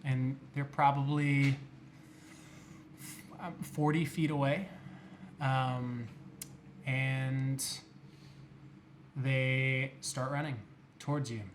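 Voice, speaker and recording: Young male game master, unhurried and halting, faint noise behind. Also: medium pitch, level tone. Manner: halting, many fillers and restarts. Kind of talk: narrating a tabletop game.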